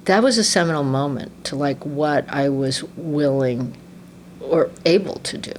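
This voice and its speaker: Woman, 60s, actress interviewee, animated storyteller, acts out quotes, lowish voice. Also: measured pace, slight background noise. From United States. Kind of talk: casual interview conversation.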